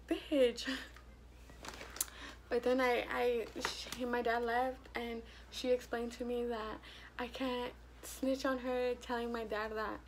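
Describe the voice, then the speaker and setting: A young woman tells a story from her school days in a blunt, profane, animated way. Her voice sits a little high and has a gravelly, fried edge. A faint hiss runs under the home vlog recording. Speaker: vlogger. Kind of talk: casual storytime.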